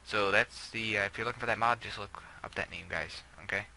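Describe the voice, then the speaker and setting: A man's voice: fairly low pitch, brisk, vocal fry, sharp tone, slight background noise, poor audio. A young man casually talking through a game build, rambling with many fillers and self-corrections. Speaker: gameplay video creator.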